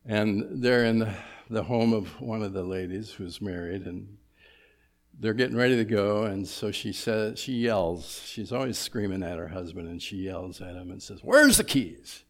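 A man's voice: fairly low pitch, normal speed. A man preaching a sermon in a church, conversational and sprinkled with humorous asides. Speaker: pastor.

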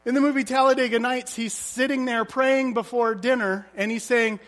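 A man's voice: very high voice, steady tone, brisk, few pauses, fairly bright tone. A man preaching a sermon as a pastor, telling stories vividly and asking the congregation rhetorical questions.

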